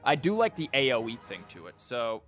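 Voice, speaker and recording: Briskly and in a sing-song, a bit bright medium-pitched voice, a man chats on his live stream while theorycrafting. The streamer and teacher rambles, packing his speech with "like" and restarts, over faint background music.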